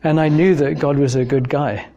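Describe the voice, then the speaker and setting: A man's voice: on the high side, fairly even intonation, normal speed, warm tone, highs cut off, slight background noise. A man from England giving an informal talk, telling personal stories in a thoughtful conversational way with frequent fillers. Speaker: speaker giving a talk on evidence for God.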